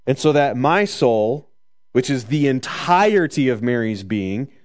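A man preaching a conversational sermon, joking in asides and slowing down to stress the scripture. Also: medium pitch, animated.

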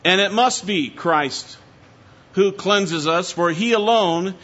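A man preaching an expository sermon, working through the text point by point in a measured, emphatic way. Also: high voice, fairly bright tone, muffled recording. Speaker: pastor.

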